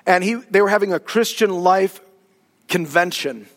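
A man pastor giving a sermon and prayer, animated preaching with casual asides. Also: sits high, normal speed. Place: church sanctuary. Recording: long reverb of a hall.

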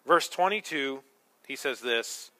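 A man preaching a sermon as pastor, swinging between hushed, slow words and loud, emphatic ones. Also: medium pitch, lively intonation.

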